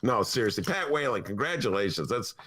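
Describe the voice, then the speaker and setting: Lively, joking man hosting a podcast. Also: fairly low pitch, brisk, a little hiss or hum. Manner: animated, joking, rambling with fillers. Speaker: show host. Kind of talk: casual podcast banter. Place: podcast studio.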